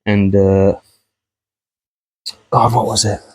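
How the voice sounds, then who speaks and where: A man's voice: lowish voice, flat delivery, slow pace, darkish tone. A young man rambling casually through a profane commentary vlog, often laughing at the story.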